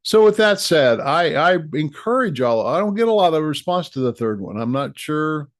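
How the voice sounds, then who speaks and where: A man's voice: fairly high pitch, lively intonation, normal speed, dry recording, studio quality. A middle-aged man giving a coaching talk on leadership, earnest and given to repeating and restarting his phrases. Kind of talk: direct-to-camera coaching talk.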